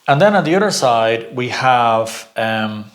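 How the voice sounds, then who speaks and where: A man's voice: medium pitch, lively intonation, measured pace. A middle-aged man giving an informal personal growth talk, chatty, laughing often and repeating words as he searches for them.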